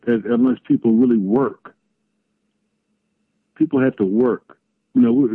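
A man's voice: medium pitch, creaky, husky, dry recording. A middle-aged man co-hosting a political talk show, rambling and searching for words as he talks. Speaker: co-host. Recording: tinny phone-line audio.

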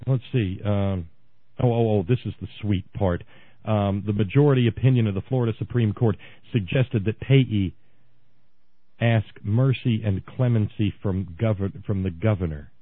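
A man on a talk radio show launches into an impassioned, sarcastic political rant at a moderate pace, veering between low, biting asides and shouted outbursts in bursts. His voice sounds thin, tinny and phone-like, dry with no echo or room around it.

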